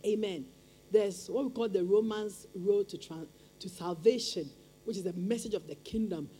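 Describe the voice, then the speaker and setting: A woman's voice: medium pitch, moderate pace, mellow, slight background noise. A woman preaching a sermon with emphatic, repetitive call-and-response phrasing.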